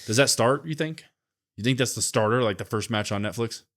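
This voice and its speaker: A man's voice: mid-range voice, fairly quick, fairly bright tone. A man co-hosting a podcast, casually giving his opinions and thinking aloud with frequent hedges. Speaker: podcast co-host. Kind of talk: casual wrestling opinion chat.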